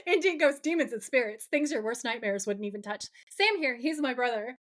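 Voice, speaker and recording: Animated woman retelling a TV episode. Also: on the high side, fairly quick. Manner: animated, acts out the characters' lines while retelling scenes. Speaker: podcast co-host. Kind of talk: casual chat, recapping a TV episode.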